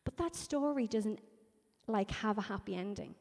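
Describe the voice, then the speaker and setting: Brief: a woman preacher, mellow and conversational, recorded in a reverberant hall. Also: medium pitch, moderate pace. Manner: conversational, animated storytelling. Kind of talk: sermon.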